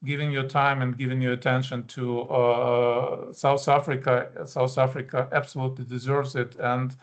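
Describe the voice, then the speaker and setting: A male ambassador giving a formal talk in an even, monotone voice. He speaks with measured frankness and stops often to hesitate and restart his sentences. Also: medium pitch. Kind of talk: formal speech at a policy event.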